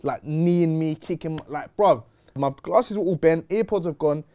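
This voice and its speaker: A young man telling a story in casual chat, slangy and animated. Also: fairly high pitch, moderate pace. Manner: animated, slangy, retelling with quoted dialogue. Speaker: host.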